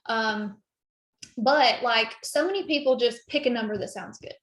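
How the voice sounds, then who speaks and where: A woman leads a casual team call, encouraging and quick to get emotional. Her voice sits a touch high, and the room gives it a noticeable echo. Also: a bit bright. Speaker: team leader hosting a call.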